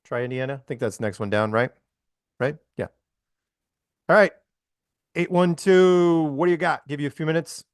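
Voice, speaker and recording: A man's voice: mid-range voice, animated, brisk, pauses often, no room sound. Laid-back man hosting callers, dry close sound. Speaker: host taking callers. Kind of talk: casual talk show hosting.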